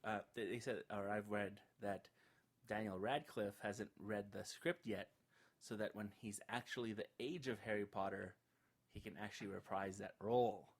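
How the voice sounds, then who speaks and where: A man's voice: lowish voice, steady tone, normal speed, breathy edge. Playful teasing young man, laughing. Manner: playful, teasing, laughs often, stammering restarts. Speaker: podcast co-host. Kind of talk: casual chat.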